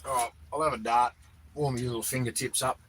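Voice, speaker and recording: A man hosts a loose, chatty livestream from outdoors, greeting viewers one by one as their names come up. His voice sits at an ordinary middle pitch. A faint hiss of noise runs under the recording. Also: steady tone, fairly quick, a bit bright, rough recording. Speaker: livestream host. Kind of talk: casual livestream chat reading comments. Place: outdoors in the cold.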